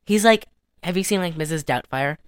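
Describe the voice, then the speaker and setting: A woman's voice: fairly quick, smooth, no room sound, clean studio sound. A young woman co-hosting a podcast, recapping a movie in a rambling, giggly chat. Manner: rambling, giggly, sings snatches in falsetto. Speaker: podcast co-host.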